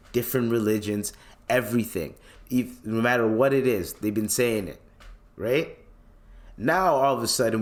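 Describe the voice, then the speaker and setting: Blunt low-voiced man with a Toronto accent. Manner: blunt, profane, reacting to social media posts. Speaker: podcast host. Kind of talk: casual ranting commentary.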